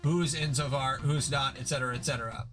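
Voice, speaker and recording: A man voices a short-tempered young troll leader who rattles off profane rants at a rapid clip. The voice is bright and forceful. Faint music plays underneath this fan audio reading. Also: mid-range voice, fairly even intonation, close to an everyday voice. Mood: exasperated. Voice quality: profane, ranting.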